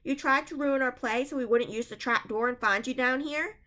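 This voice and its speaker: A woman's voice: sits high, normal speed, bright, forceful tone, voice pushed up. A woman reading a frightened schoolboy. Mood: scared. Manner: anxious, uncertain.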